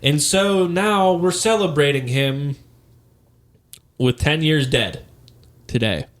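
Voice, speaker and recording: A young adult man co-hosting a casual podcast, joking sarcastically with dark humor and laughing often. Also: fairly high pitch, slow. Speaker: podcast co-host. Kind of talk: casual crude podcast chat.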